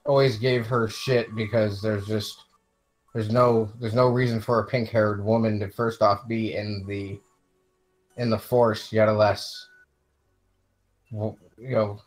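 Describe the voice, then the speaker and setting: A man playing a tabletop game, talking in a halting, drawn-out way. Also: fairly low pitch, flat delivery, faint music behind, poor audio. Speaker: player. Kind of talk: casual tabletop game play.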